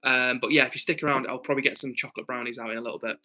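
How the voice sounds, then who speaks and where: A man's voice: mid-range voice, fairly even intonation, rapid-fire, sharp tone, low-quality recording. A man from the north of England, hosting a casual livestream and reading out viewer messages. He talks earnestly, thinking aloud with frequent ums and restarts. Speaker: livestream host.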